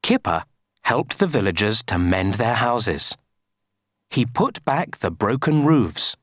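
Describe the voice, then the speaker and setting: A woman reading a children's story aloud for an English lesson, slow and sing-song. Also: rumbling low, very animated, no room sound, studio quality.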